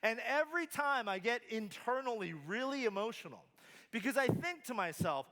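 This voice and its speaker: A man's voice: high-pitched, lively intonation, a little fast, bright, forceful tone. A man giving a sermon as a pastor, talking in a loose, conversational way with many filler words and turning emphatic at key points.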